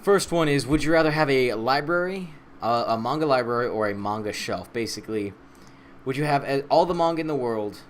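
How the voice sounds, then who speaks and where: A man hosting a casual podcast chat, asking questions in a playful, animated way. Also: mid-range voice, brisk. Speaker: podcast host.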